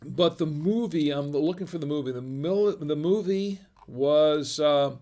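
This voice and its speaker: A man's voice: on the high side, measured pace, warm tone. A middle-aged man hosting a wine review livestream, chatting casually in a rambling, digressive way and chuckling often. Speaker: host of a wine review show.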